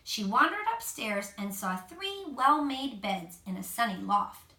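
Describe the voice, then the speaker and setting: A mother reading a picture book aloud to her child at home, expressive, with gentle asides. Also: fairly high pitch, unhurried, hardly any pauses. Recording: echoey room, mic at a distance.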